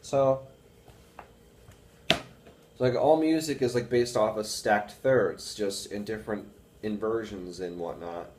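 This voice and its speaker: A young man with a baritone voice, rambling casually to camera with many fillers about reading and analyzing music. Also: slow, pauses often, distant mic, noisy background. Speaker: music student vlogger. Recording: echoey room with faint music.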